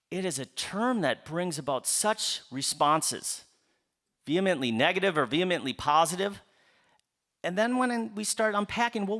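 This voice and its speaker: A man gives a public book talk. His voice sits somewhat high for a man and swings widely in pitch. He asks rhetorical questions and answers them himself, with playful asides aimed at the audience. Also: a bit bright. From Upper Midwest United States. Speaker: author giving a book talk. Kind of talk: public lecture to a live audience.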